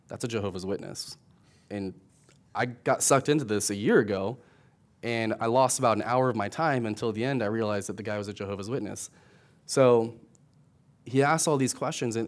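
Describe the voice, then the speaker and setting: A young adult man preaching a sermon in a conversational, storytelling way, building to emphatic points. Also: on the low side. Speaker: pastor.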